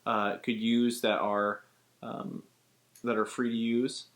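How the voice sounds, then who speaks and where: A man who works as a voice actor, giving a casual spoken tutorial and explaining voice technique step by step in a chatty, relaxed way. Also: mid-range voice, takes it slowly.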